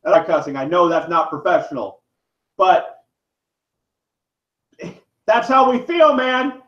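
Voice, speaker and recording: A man vlogger in pain launches into a heated, profane, rambling rant straight to camera. His voice is high-pitched and sing-song at a slow pace, recorded in an echoey room with dull lo-fi sound.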